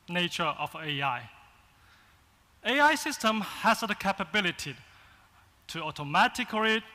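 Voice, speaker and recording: Bright-voiced Chinese-accented keynote speaker. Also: male voice, high voice. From China. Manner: halting short phrases with fillers. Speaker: agency founder, keynote speaker. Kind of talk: conference keynote speech. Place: large conference hall. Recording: long reverb in a conference hall.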